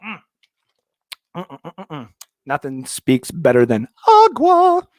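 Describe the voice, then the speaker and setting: A man's voice: a little high, huge pitch swings, drawn-out words, no room sound, clean studio sound. A young man from Canada hosting a casual livestream from his basement, reading viewer comments in a rambling, jokey way. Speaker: livestream host. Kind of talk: casual live-stream chat reading comments. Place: home basement.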